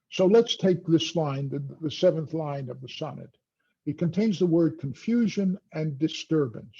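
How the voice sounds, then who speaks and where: An older man giving an academic lecture, halting and full of fillers, with a dull lo-fi recording. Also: on the high side, creaky, mellow, slightly rough.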